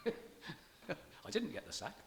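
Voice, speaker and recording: A man giving a public lecture on reading poetry. He explains in a measured way, with dry self-deprecating humour. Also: background noise. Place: church event.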